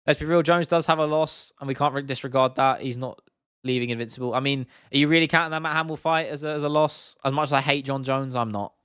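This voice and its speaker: A man's voice: mid-range voice, fairly even intonation, quick pace, fairly bright tone, smooth, no room sound, clean studio sound. A young man from England hosting a casual livestream, talking bluntly and swearing freely while reacting to viewer comments. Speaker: livestream host.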